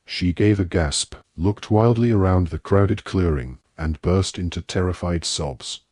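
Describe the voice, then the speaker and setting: A man narrating an audiobook in measured storytelling. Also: low voice, darkish tone, slightly rough, no room sound, studio quality.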